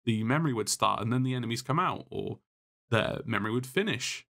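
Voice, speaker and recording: A man's voice: mid-range voice, expressive, brisk, vocal fry, fairly bright tone. A man talking as a podcast guest in casual chat, blunt and exasperated, swearing freely as he complains. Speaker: podcast guest, content creator.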